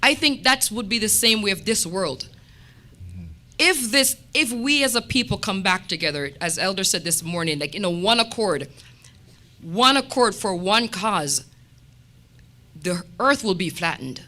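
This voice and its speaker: A woman sharing a testimony at a church meeting, telling stories with lively quoted dialogue. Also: mid-range voice, unhurried. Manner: animated storytelling with quoted dialogue.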